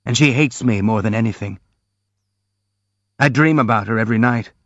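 A man's voice: mid-range voice, normal speed, fairly bright tone, no echo, close to an everyday voice. A brooding, jealous and passionate young man, as a male audiobook reader voices him, bitter and confiding. The sound is dry, close and a little lo-fi. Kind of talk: audiobook dialogue reading.

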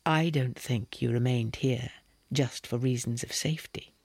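A man voicing an awkward, earnest young male revolutionary who speaks in a ponderous, hesitant monotone. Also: mid-range voice, moderate pace, no room sound, natural voice. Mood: probing.

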